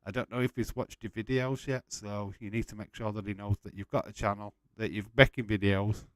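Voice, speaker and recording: A man's voice: fairly low pitch, fairly even intonation, brisk, fairly bright tone, no room sound. A man hosting a casual live watch-along stream, chatting loosely with frequent swearing and rambling restarts. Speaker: livestream host.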